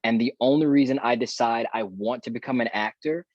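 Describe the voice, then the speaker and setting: A guest actor on a podcast tells a story casually, acting out the dialogue he remembers in a brisk, mid-range voice. The audio is dull, dry, and lo-fi, with no room sound.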